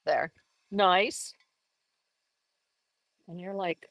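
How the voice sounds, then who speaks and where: A woman giving a casual live painting lesson, chatty and upbeat, laughing often and jumping into high exclamations. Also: animated, slow, long pauses, a bit bright, no room sound, poor audio. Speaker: art teacher.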